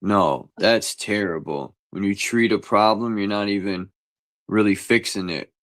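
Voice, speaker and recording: A man's voice: lowish voice, a little slow, fairly bright tone, no echo. A man in a casual chat, ranting bluntly in slangy, everyday talk.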